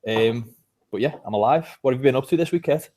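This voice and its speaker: A man's voice: mid-range voice, fast, a little mellow. A man with a British accent, co-hosting a casual podcast chat in a rambling, talkative way. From Britain. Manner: rambling, chatty, frequent "um". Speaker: podcast co-host.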